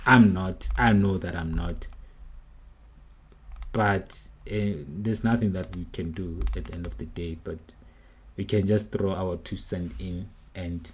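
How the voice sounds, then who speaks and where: A man's voice: low voice, steady tone, a little slow, slight background noise, rough recording. A young man hosting a football reaction stream, earnest and frustrated, repeating his points. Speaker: livestream host.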